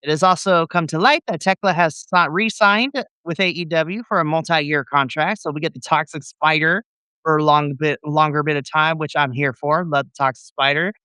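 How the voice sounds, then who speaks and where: Male podcast co-host, animated and playful, slightly high pitch, bright and smooth, dry close sound. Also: normal speed, no room sound. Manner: animated and playful, acts out his reactions. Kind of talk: casual podcast chat.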